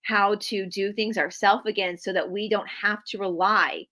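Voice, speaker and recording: A woman's voice: medium pitch, steady tone, normal speed, bright, forceful tone. A woman with a Southern US accent, a guest historian giving her opinions in a chatty, casual livestream conversation. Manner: opinionated, chatty, restarts often.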